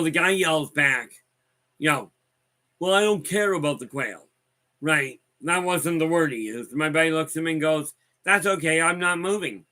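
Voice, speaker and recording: Hosting a live talk stream, a man tells rambling, wry, folksy stories and reads viewer comments aloud as he answers them. His voice is a little high, bright and forceful.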